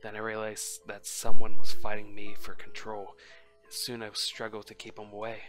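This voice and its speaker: A man's voice: fairly low pitch, monotone, moderate pace, bright, forceful tone, faint music behind. A man reading a shy lovesick young neighbor. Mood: confessing.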